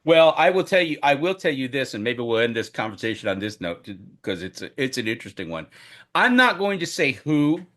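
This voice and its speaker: A man co-hosting a casual podcast chat, telling animated stories about covering a trial, his voice getting loud and booming when he gets excited. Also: a little fast. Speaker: podcast co-host who covered a trial as media.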